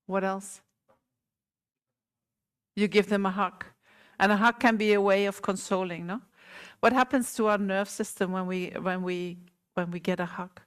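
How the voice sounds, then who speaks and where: A woman teacher giving a Buddhist talk to a small group, gentle and unhurried, often asking her listeners questions. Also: mid-range voice, clean tone. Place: meditation center hall.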